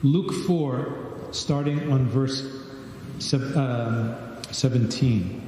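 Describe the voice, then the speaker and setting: A man's voice: mid-range voice, extremely slow, dark tone, slight background noise. A man leading a Bible study, reading scripture aloud and asking questions of the group. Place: large church hall. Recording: distant echoey church livestream.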